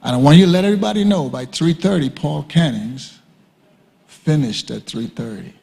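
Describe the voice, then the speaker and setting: An older man teaches a conference audience, talking in an easy, conversational way and dropping in joking asides. His voice is gravelly and a little husky. It rings out with a long reverb through a church hall. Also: fairly high pitch, expressive, moderate pace, dark tone. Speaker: guest speaker at a church leadership conference. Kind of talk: teaching talk.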